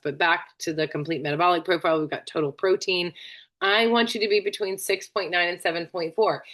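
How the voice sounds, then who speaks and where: Chatty lower-voiced woman explaining labs. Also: a bit bright. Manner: chatty, lots of fillers and asides. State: tired, yawning. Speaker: functional medicine practitioner. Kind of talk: casual explanatory lesson.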